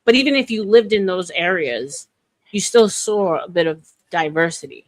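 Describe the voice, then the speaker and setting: Woman in her forties from New York, casual stream host, chatty and restarting, lowish voice. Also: normal speed, dry recording. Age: 40s. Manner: chatty, with many restarts and laughs. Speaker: livestream host. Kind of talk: casual live chat. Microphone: phone.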